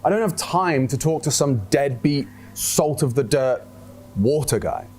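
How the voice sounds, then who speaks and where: A man's voice: mid-range voice, lively intonation, a little slow, a little mellow, slight background noise. A man speaking in a flustered, self-important way in a comedy sketch.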